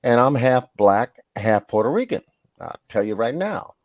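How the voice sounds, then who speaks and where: A man's voice: medium pitch, sing-song, normal speed, no echo, clean studio sound. A man hosting a casual live-stream chat, rambling through stories with lots of fillers and laughs. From New York. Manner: rambling storyteller, laughs often, many fillers. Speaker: host.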